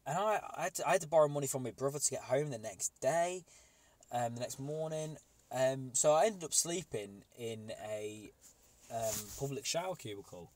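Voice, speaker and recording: A man's voice: medium pitch, lively intonation, moderate pace, a little mellow, slight background noise. Rambling young man telling a story. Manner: rambling storyteller, swears casually. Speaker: podcast co-host. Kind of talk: casual podcast chat.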